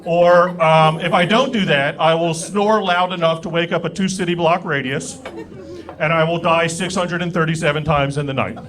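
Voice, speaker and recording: A young man doing a stand-up set on a comedy club stage with an animated, self-mocking delivery. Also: a little high, normal speed. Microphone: stage mic. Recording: live club recording with crowd. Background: audience laughter.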